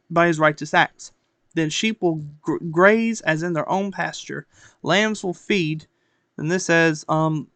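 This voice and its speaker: A man's voice: a little high, a bit bright, no echo. A man streaming, reading a Bible passage aloud, stumbling over words and correcting himself as he goes.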